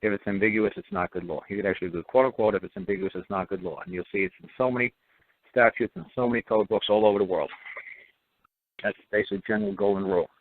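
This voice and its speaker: A man's voice: fairly low pitch, animated, fast, gravelly, slight background noise. A man hosting a call-in radio talk show, talking bluntly and emphatically, repeating himself and throwing in mocking asides. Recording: phone-line audio, dry.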